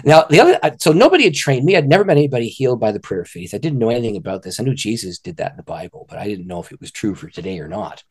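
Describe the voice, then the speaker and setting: A middle-aged man, an author and ministry director, telling a personal story in an interview with lively delivery and frequent laughter. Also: medium pitch, rapid-fire, hardly any pauses, slightly rough. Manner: lively, laughs often, acts out voices in stories.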